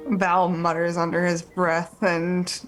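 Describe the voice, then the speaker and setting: A woman's voice: lowish voice, completely flat delivery, slow, faint music behind, poor audio. A woman describing her character's actions in a tabletop role-playing game. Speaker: player.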